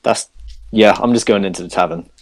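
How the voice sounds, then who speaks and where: A man with a very low voice sits in on the tabletop game. He speaks in a weary, deadpan, halting way. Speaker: player. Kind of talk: casual tabletop game chat.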